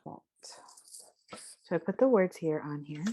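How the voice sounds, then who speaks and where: Woman voice teacher, unhurried, casual lesson delivery, demonstrates sounds as she explains. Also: low-pitched, animated, mellow.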